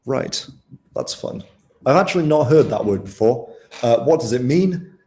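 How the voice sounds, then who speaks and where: A man's voice: mid-range voice, lively intonation, moderate pace, dark tone, roomy sound. A young man tutoring students through an exam paper in a casual, chatty way, asking them questions as he goes. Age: young adult. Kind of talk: live online tutoring session.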